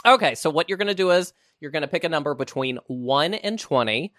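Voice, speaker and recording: A man's voice: a little high, fairly quick, dry recording, studio quality. A man hosting a casual podcast chat, reading out questions and joking around with his guest. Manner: animated, jokey question-asker. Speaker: podcast host.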